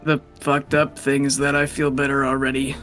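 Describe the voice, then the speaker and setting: A weak, half-awake king mutters dry jokes from his sickbed, voiced by a game master. His bright voice stays low-key and flat in humor. Soft music sits in the background. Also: normal speed, lightly acted. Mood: groggy deadpan. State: weak and groggy. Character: weak, dry-witted king just out of chest surgery.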